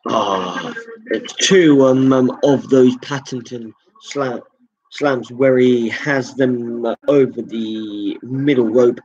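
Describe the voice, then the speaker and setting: A man hosting a live reaction stream, calling wrestling moves with excited jumps and chatting to his viewers. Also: medium pitch, takes it slowly, dull audio, slight background noise. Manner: chatty, thanks viewers directly.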